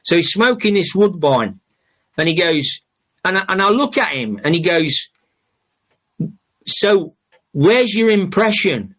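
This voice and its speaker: A middle-aged man, rambling through a casual storytelling monologue on his podcast. His voice sits a little higher than most men's, and he talks in loose, circling sentences full of ums, restarts and the odd swear word. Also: sing-song, moderate pace, pushed and bright. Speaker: podcast host.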